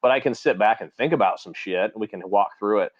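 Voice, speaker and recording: A man's voice: lowish voice, fast, dull audio. A man hosting a podcast, telling army stories in casual, profane chat and acting out the people he quotes. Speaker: podcast host, army veteran.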